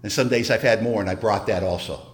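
A man sharing his story at a recovery meeting, animated and joking in a wry way. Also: lowish voice, quick pace.

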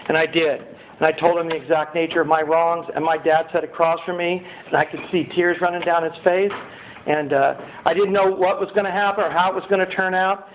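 At a recovery meeting, a man gives his personal testimony in a fairly high voice at a fairly quick pace. He's animated, swinging between loud excitement and quiet earnestness, on a tinny lo-fi recording with faint hiss.

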